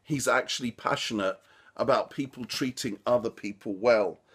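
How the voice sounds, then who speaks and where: A man's voice: mid-range voice, moderate pace, a bit bright, husky. Earnest man giving a Bible talk. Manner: earnest, informal, with restarts and fillers. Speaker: preacher. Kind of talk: short devotional Bible commentary.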